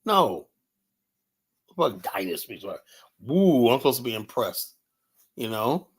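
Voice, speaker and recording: A man's voice: mid-range voice, very animated, takes it slowly, slightly rough. A man hosting a livestream, talking in a grumpy, profane, rambling way. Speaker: livestream host. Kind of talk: casual ranting livestream talk.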